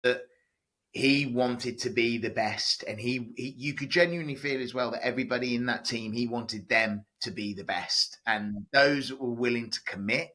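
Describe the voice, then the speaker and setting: A chatty man tells stories as a podcast guest, his voice bright and forceful. He talks loosely, full of fillers and restarts. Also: medium pitch, moderate pace. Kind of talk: casual podcast interview.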